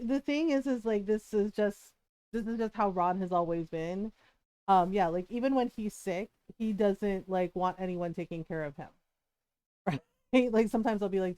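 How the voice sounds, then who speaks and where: A woman streaming live, chatting casually and telling a rambling, animated story to her audience. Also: on the high side, moderate pace, clear, resonant tone, dry recording.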